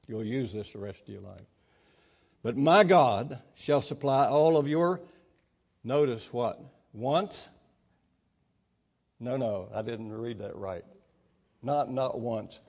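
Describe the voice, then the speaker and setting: A middle-aged man preaching a sermon in a folksy way, reading scripture aloud and swelling louder for emphasis. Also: medium pitch, gravelly.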